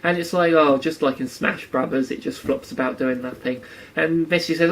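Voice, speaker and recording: A man's voice: a little high, normal speed, low-quality recording. A man giving sarcastic casual commentary on a cartoon episode. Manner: sarcastic, acts out quotes in silly voices. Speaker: anime reviewer.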